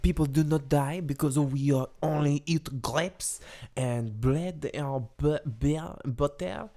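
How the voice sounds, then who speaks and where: A man putting on a mock French accent to play a boastful Frenchman bragging about food, speaking in a halting, exaggerated way. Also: on the high side, mellow, pitched above the performer's own voice.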